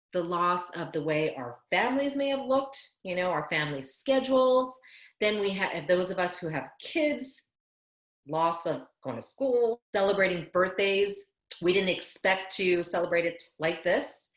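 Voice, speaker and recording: Lowish-voiced woman therapist on a video call, earnest, explaining stuff, kinda echoey room. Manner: earnest, explanatory, with restarts and rhetorical questions. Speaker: therapist giving a webinar talk. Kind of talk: webinar presentation on coping.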